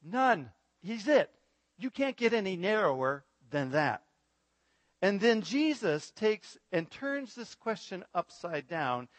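A man delivers a sermon with animated preaching, his slightly high voice swinging widely in pitch. He poses rhetorical questions to his listeners. The sound is dry and close. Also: dry recording. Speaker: pastor.

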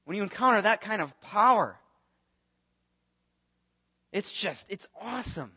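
A pastor preaches with a high, slightly rough voice, taking his time as he tells the story earnestly and animatedly. He acts out the voices of the characters in it.

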